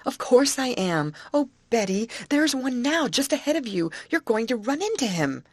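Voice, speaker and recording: A woman voicing an easily frightened, excitable young girl who cries out shrilly. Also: moderate pace, dry recording. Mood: insistent. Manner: shrill, high-pitched cries.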